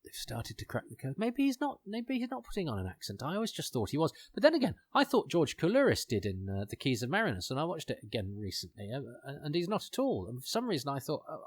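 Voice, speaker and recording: A man's voice: medium pitch, no echo, studio quality. A man hosting a podcast, chatting casually and enthusiastically with lots of fillers and digressions. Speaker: podcast host. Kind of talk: casual commentary chat.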